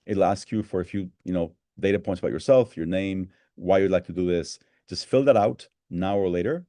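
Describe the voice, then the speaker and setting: A man hosts a live online gathering over a video call, his voice low and warm in tone. He rambles, circles back and restarts his sentences. The sound is dry and close, with no room around it. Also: a little fast, no room sound. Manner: rambling, warm-hearted, many restarts and fillers. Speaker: host of an online town hall.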